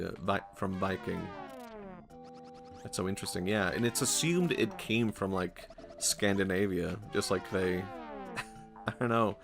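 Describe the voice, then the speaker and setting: Low, gravelly streamer. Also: male voice, measured pace, pauses often, over music. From Sweden. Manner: rambling, jokey, laughs often. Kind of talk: casual gaming stream commentary.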